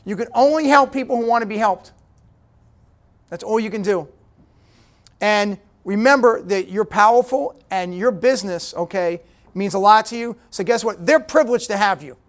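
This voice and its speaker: A man's voice: high voice, moderate pace. A middle-aged man giving a motivational speech at a business breakfast, direct and punchy, often checking in with the audience. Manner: punchy, direct, talks to the audience with repeated "okay?". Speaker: guest speaker at a business breakfast.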